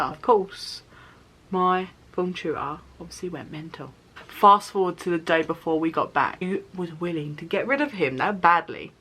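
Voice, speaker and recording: Lively British woman telling a story. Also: lowish voice, measured pace. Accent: British English. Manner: animated, dramatic, laughing, swearing storyteller. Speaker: YouTuber. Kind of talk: storytime vlog.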